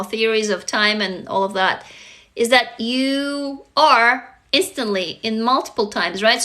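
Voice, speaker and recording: Bright-voiced Russian-born woman coaching viewers. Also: on the high side. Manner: earnest, coaching, asks viewers questions. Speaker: livestream host and author. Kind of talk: casual live-stream talk. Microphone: phone.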